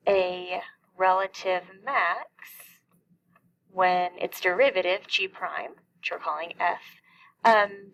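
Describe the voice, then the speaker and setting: A middle-aged woman works through a calculus lesson in a mid-pitched voice with a gravelly edge of vocal fry. She explains step by step and poses questions that she answers herself. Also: a bit bright, low-quality recording. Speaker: math teacher.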